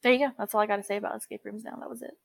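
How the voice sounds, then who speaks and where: A woman's voice: medium pitch, fairly even intonation, very fast, vocal fry, husky, dry recording. A woman co-hosting a podcast in casual chat, talkative and profane, calling everyone girl. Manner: chatty, swears freely, calls everyone girl. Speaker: podcast co-host.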